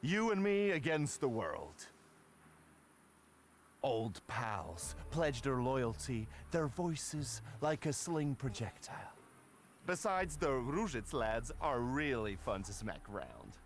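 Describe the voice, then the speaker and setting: An actor playing a gruff, loyal middle-aged gang boss in a video game, swaggering and nostalgic. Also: male voice, medium pitch, big pitch swings, slow pace, slight background noise. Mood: jovial.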